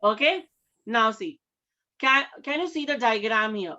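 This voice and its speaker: A woman teaches a science lesson in a bright, fairly high voice. She keeps repeating key terms and checking in with her class. The audio is dull and lo-fi. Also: lively intonation, a little slow. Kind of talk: classroom lecture.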